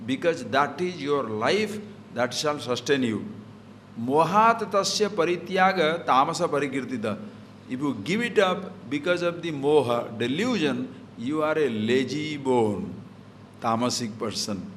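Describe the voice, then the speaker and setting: A man's voice: medium pitch, animated, unhurried, fairly bright tone, slight background noise. A man giving a scripture talk, explaining Sanskrit verses with everyday examples and rhetorical questions. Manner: mixes Sanskrit verses into English. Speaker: spiritual teacher.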